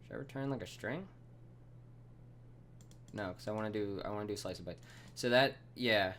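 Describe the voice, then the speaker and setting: A man's voice: fairly low pitch, normal speed, fairly bright tone, a little hiss or hum. A man coding on a live stream, rambling and swearing with lots of fillers, muttering code to himself between rants. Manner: rambling, profane, many fillers. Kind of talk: casual live-coding rant.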